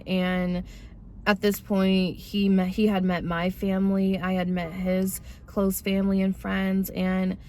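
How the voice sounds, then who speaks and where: A woman's voice: mid-range voice, creaky, slight background noise. A woman in her twenties telling her personal testimony in a casual, slangy way, talking straight to her viewers. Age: 20s. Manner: casual, animated, slangy, addresses viewers directly. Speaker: vlogger sharing her testimony.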